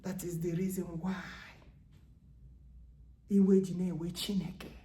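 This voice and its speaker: A woman preaching, swinging between hushed whispers and loud exclamations. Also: lowish voice, level tone, takes it slowly, roomy sound. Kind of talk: spiritual preaching.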